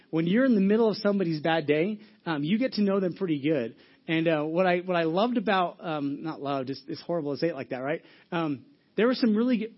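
A pastor delivers his sermon in a loose storytelling way, often stopping and restarting his sentences. His voice sits a bit high for a man. The church recording is dull and lo-fi. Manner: storytelling, casual, many restarts and asides.

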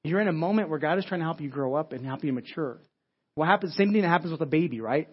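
A man's voice: fairly high pitch, animated, fast talker, breathy edge. A man preaching a sermon as pastor, in a conversational way, often restarting phrases and asking "right?". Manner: conversational, repeats words and restarts, frequent "right?". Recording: dull lo-fi audio.

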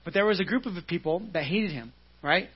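A pastor preaching a conversational sermon at a church service, explaining scripture casually and often checking in with "right?". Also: male voice, high voice, expressive, brisk, slightly rough, highs cut off.

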